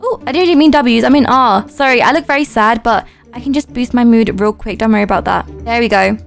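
A young woman giving chatty roleplay commentary, her voice high and bright. She gasps, jokes with herself and keeps up a playful running patter. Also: a little fast, creaky, soft background music. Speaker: YouTuber.

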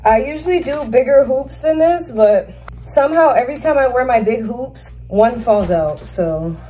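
A twenty-five-year-old woman vlogging casually as she gets ready at home, brash and quick to swear and laugh. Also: on the high side, expressive, warm tone. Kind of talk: casual get-ready-with-me chat.

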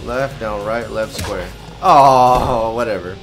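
Excitable man yelping through gameplay. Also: medium pitch, unhurried. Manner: excitable, teasing, bursts of yelps and laughs. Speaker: gaming video host. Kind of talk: live gameplay commentary. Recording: game music behind the voice.

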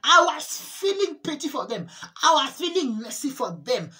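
A woman giving an emotional religious testimony, earnest and repetitive, often halting to restate her words. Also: high voice, big pitch swings, pushed and bright. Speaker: testimony preacher.

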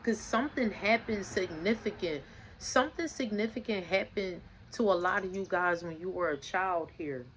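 A woman's voice: medium pitch, moderate pace, a bit bright. A woman delivers a casual tarot reading, speaking emphatically and preaching through rhetorical questions. She swears freely and circles back on her own phrases. A faint background noise sits under her voice. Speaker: tarot reader.

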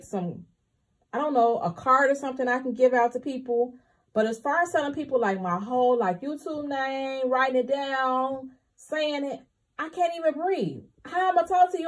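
A young woman talks straight to her viewers in a candid, chatty way. Her voice sits high and she keeps calling them y'all. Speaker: couponing vlogger. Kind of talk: casual chat to viewers.

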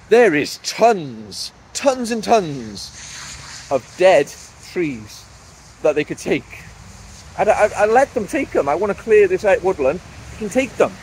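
A man's voice: on the high side, darkish tone, breathy edge, poor audio. A man, a woodland owner venting in a vlog, worked up and repeating himself as he talks outdoors. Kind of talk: vlog rant. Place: outdoors in woodland, later driving.

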